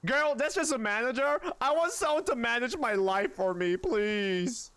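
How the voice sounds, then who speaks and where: A man live-streaming a game, chatting casually with his viewers in an excitable, animated way and swearing freely. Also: very high-pitched, moderate pace, smooth, no echo.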